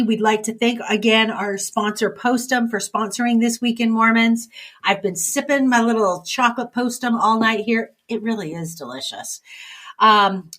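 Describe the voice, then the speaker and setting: In an indoor room with a guest and a small audience, a woman hosts a podcast, chatting casually with her guest and handling the sign-off upbeatly. Her voice is a little high and fairly bright.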